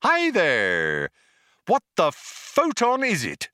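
A man's voice: medium pitch, wildly swooping pitch, measured pace, pushed and bright, no echo, clean studio sound, full character voice. A man voicing a cheerful, chatty spaceship computer in an audiobook. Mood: cheery.

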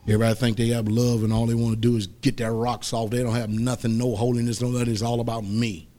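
A man preaching a sermon as pastor, rising to loud exhortation and dropping to soft asides. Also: mid-range voice, level tone, quick pace. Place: church.

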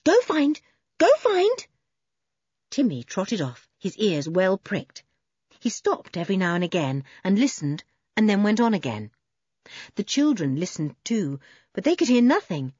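A woman reading a children's storybook aloud in an expressive, animated way. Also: mid-range voice, normal speed, breathy edge, no echo, muffled recording. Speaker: audiobook narrator. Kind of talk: storybook narration.

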